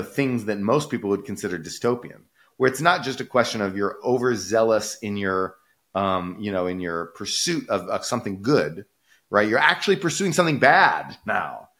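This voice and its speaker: Low-voiced guy on a podcast, animated, keeps going "right?". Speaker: podcast co-host. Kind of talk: casual podcast discussion.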